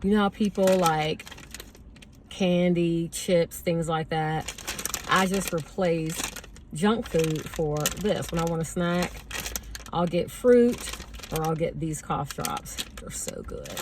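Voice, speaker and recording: A woman with a slightly low voice tells a story in a chatty, animated way. She speaks from a parked car, with a faint hum of ambience behind her. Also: takes it slowly. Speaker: vlogger. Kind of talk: casual storytelling.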